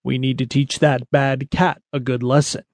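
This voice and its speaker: A man voicing a wise, elderly stallion in a children's audiobook, using a deep voice and a calm, reassuring manner. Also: normal speed, no echo, close to an everyday voice.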